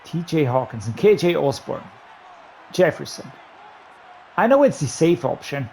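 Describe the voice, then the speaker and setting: A man giving running commentary while playing a football video game, excitedly talking through his play calls to himself. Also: fairly high pitch, a little slow, creaky, some chatter behind, slight background noise. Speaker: gaming YouTuber. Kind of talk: live gameplay commentary.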